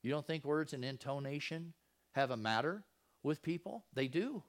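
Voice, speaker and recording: A man's voice: fairly high pitch, lively intonation, moderate pace. A man giving a casual Bible teaching in a folksy, conversational way, often asking his listeners rhetorical questions. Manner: folksy, repeats and restarts phrases. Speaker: Christian preacher.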